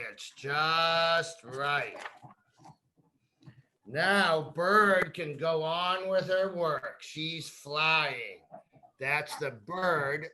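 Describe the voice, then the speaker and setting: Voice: medium pitch, sharp tone. A teacher reading a picture book aloud to young children, drawing out words, repeating them and prompting the children to say them back.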